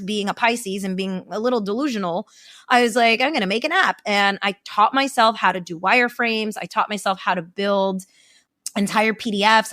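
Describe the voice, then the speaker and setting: Young woman guest, candid storyteller, swears easily, mid-pitched, dry mic. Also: a bit bright, no room sound. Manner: candid and profane, chatty. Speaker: guest, event founder. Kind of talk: casual podcast interview storytelling.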